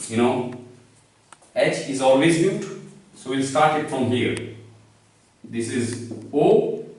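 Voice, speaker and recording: A man teaching a lesson, explaining step by step and asking his own questions before he answers them. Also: mid-range voice. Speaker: French teacher. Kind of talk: classroom lesson. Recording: echoey room, far from the mic.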